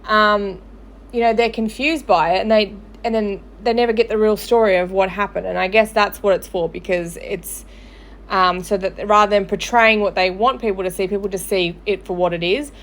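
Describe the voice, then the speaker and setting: A woman's voice: medium pitch, fairly even intonation, moderate pace. Angry swearing woman ranting on a livestream. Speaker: gossip page host. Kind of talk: livestream commentary.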